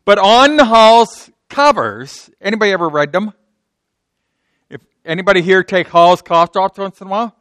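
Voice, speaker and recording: A man's voice: sits high, expressive, normal speed, fairly bright tone, no echo, clean studio sound. A man with a slight sore throat, preaching an unscripted sermon in church, often repeating words and restarting sentences. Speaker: pastor. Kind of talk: off-the-cuff sermon.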